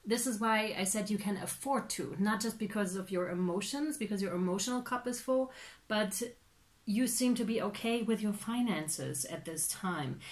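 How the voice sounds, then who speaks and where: A woman giving a casual tarot reading, chatty and animated, with many fillers and playful acted-out reactions. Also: medium pitch, normal speed. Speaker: tarot reader.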